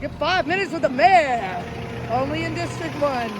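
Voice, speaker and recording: A woman's voice: high-pitched, lively intonation, moderate pace, noisy background. A woman livestreaming outdoors on a city street at night, talking into her phone in a flamboyant, rambling way and jumping from topic to topic.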